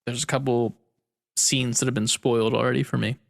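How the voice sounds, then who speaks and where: A man's voice: medium pitch, level tone, a little fast, gravelly, dry recording, clean studio sound. A man co-hosting a gaming podcast in a casual, jokey chat and swearing freely. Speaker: podcast co-host.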